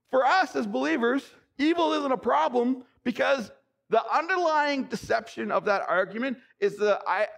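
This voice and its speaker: Male pastor, high gravelly voice, emphatic and excitable sermon delivery. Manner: excitable, emphatic preaching with sudden bursts; reads scripture passages aloud.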